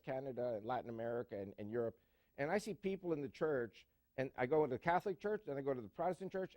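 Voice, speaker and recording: A man's voice: on the high side, a little mellow, dry recording. Guy guest on a talk show, emphatic, lots of uh's, dry sound. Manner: emphatic, storytelling with jokes, many fillers. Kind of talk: interview answer.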